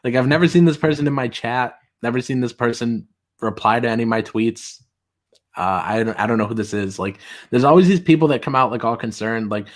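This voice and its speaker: Casual male streamer chatting. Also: normal speed. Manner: reads tweets aloud in mocking high voices, laughs often. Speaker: streamer host. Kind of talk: casual livestream chat.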